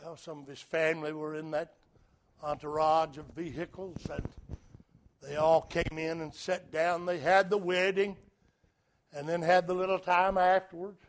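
A man preaching a sermon, telling a story with dramatic swings from hushed asides to loud, rising calls. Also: on the high side, flat delivery, normal speed.

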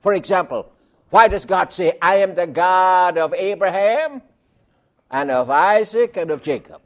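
High, lively male preacher preaching slowly. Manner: emphatic, rhetorical questions, big swings in loudness. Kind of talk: sermon.

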